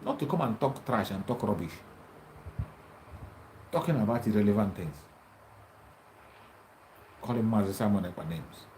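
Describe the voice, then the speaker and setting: A man's voice: on the low side, expressive, normal speed, pauses often, mellow, a little hiss or hum, low-quality recording. A man giving an impassioned political monologue, taunting and repeating himself as he challenges his opponents. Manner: combative, taunting, repetitive. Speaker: activist commentator.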